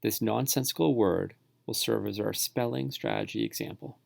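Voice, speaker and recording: In a calm tutorial, a man with a lowish, heavily gravelly voice walks through spelling strategies, sounding out syllables slowly and clearly. It's recorded close and dry, with no room sound at all.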